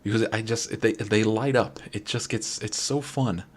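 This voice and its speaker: Husky-voiced New York man chatting. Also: fairly low pitch, fairly even intonation, moderate pace. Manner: rambling, friendly, many restarts. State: late-night, a little wired. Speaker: game streamer. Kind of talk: casual chat with stream viewers.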